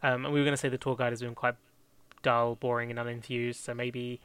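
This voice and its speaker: Young guy, bright tone, dry close sound, casual rambling planning chat. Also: medium pitch, little pitch movement, fairly quick, clear, resonant tone, dry recording. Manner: rambling, self-correcting, laughs often. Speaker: fan script co-writer.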